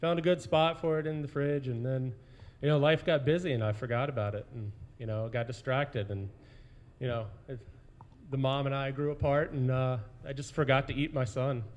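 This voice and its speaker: A man's voice: medium pitch, fairly even intonation, moderate pace. A man with an average voice tells stand-up stories on a brewery stage, rambling in a loose, casual way. He pads his lines with fillers as he goes. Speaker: stand-up comic. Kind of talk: stand-up storytelling.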